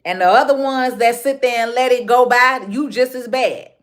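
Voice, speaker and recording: A woman hosting a livestream rants into her phone at normal speed, her voice on the high side and her accent pure Chicago. She goes over the same ground again and again, bluntly, with street slang coming easily.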